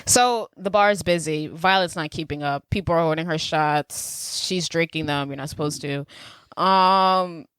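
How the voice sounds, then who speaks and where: A woman's voice: deep voice, normal speed, clear, resonant tone, no echo. A woman co-hosting a podcast, telling the plot in casual chat with easy laughter. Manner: laughs easily, lively storytelling. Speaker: podcast co-host. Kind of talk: casual movie recap chat.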